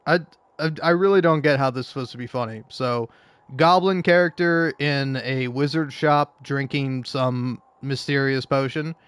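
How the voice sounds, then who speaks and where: A man's voice: mid-range voice, normal speed, fairly bright tone, smooth, no room sound. A young man casually riffing as an online commentator, rambling and stammering with frequent laughs.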